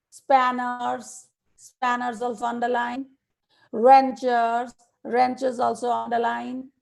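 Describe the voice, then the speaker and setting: A woman with a Nepali accent teaching young children in an online class over a video call, slowly dictating words one by one and repeating them. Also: a little high, creaky, a little mellow. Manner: slow, repetitive dictation to students.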